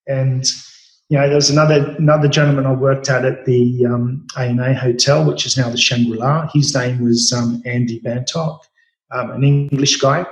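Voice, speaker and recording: A man in his late forties with an Australian accent, telling stories about his cooking career with many fillers and restarts. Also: mid-range voice. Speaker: chef guest. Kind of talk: storytelling interview. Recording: roomy echo.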